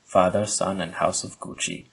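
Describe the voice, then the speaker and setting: A man co-hosting a podcast in casual, rambling chat, joking and filling pauses with "like" and "um". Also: sits low, little pitch movement, gravelly, husky, poor audio. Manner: rambling, jokey, many fillers. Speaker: podcast co-host.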